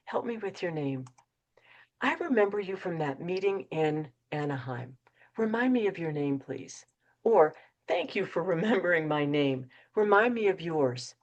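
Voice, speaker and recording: A middle-aged woman giving a motivational webinar talk, acting out quoted dialogue with lively shifts in her voice. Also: on the low side, a little slow, highs cut off. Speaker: keynote speaker.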